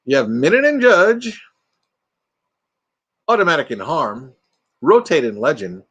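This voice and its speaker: An older man with a Texan accent hosts a relaxed live chat, tossing out jokes and silly bits as he reads the comments. His voice leaps up and down with plenty of life, sitting a touch high for a man. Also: measured pace, breathy edge, lo-fi sound. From Texas. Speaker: livestream host.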